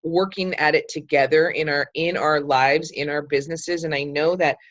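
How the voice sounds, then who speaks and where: A chatty, enthusiastic middle-aged woman with a fairly low voice leads a group discussion over a video call. She is heard on dull, slightly muffled audio. The sound is dry and close, with no room echo. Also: steady tone, moderate pace, a bit bright. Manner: chatty and enthusiastic, with many fillers. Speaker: group leader hosting a book club call. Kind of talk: casual group talk.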